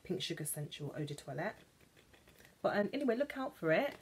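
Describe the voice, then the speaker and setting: A woman from England chatting playfully about perfumes, gushing and now and then dropping into soft whispers. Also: lowish voice, very animated, a little fast, slight background noise. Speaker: perfume vlogger. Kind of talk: chatty vlog.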